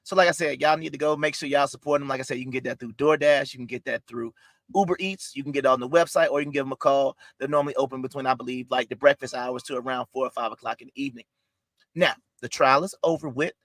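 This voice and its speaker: Dry-sounding podcast host, theatrical. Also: male voice, mid-range voice, steady tone, a bit bright, dry recording. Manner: theatrical, halting with fillers, mock outrage. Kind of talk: mock trial hosting and ad reads.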